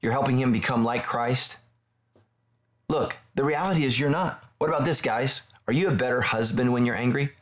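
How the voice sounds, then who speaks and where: Middle aged guy pastor preaching, chatty and animated, lots of questions to the crowd. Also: mid-range voice, moderate pace. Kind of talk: sermon.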